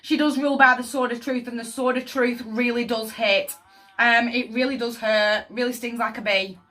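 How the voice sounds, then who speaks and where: Bright-voiced emotive woman tarot reader. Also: a little high, fairly even intonation, moderate pace. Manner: emotive, repeats "does that make sense". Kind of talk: channelled tarot reading. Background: faint background music.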